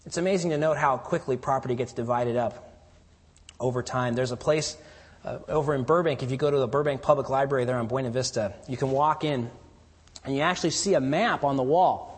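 This sermon comes from a man whose voice is fairly high and a bit husky, ringing with long reverb as though in a church sanctuary. He preaches earnestly, swinging between forceful, loud passages and quiet, hushed moments.

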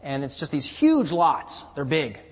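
A man preaching a sermon in an earnest way, swinging between loud emphasis and hushed, quiet lows. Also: huge pitch swings, a little slow, slightly rough. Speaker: pastor. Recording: reverberant hall.

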